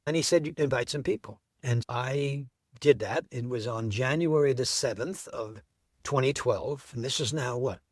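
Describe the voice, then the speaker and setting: A man's voice: mid-range voice, measured pace, dry recording. Man, middle-aged, interview guest, enthusiastic storyteller, dry close sound.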